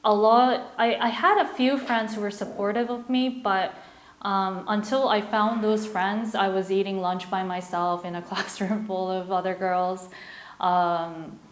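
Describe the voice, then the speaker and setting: A woman's voice: mid-range voice, flat delivery, unhurried. Reflective American-accented woman, roomy echo. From Japan. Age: 30s. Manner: reflective, storytelling, loose with fillers. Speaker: interview guest, model. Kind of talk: casual interview conversation. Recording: roomy echoey room.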